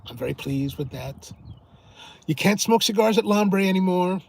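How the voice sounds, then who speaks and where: Gravelly man telling rambling stories. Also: high voice, expressive, moderate pace, darkish tone, dry recording. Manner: chatty, many restarts and repeated words. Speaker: coffee show host answering viewer questions. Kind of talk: casual rambling storytelling. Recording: clear background noise and ambience.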